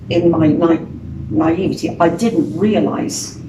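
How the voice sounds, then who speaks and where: An older woman from England with a Birmingham accent, a singer, speaks slowly on the low side in a casual storytelling interview. Full of laughs, she chats animatedly and impersonates other people. The background is noisy, and a distant mic captures her in an echoey venue room.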